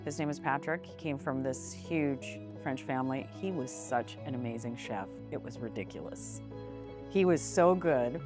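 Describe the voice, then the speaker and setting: Low-voiced woman business owner. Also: normal speed, over music. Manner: frank and animated, with fillers like "like" and "you know". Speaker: business owner, interview guest. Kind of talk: casual conversational interview.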